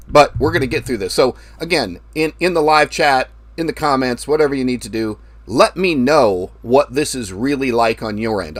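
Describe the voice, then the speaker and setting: While traveling and recording himself, a man hosts a forex trading livestream in casual live-stream talk, loose and rambling and cursing casually. He has a mid-range voice and projects it with the mic held very close to his mouth.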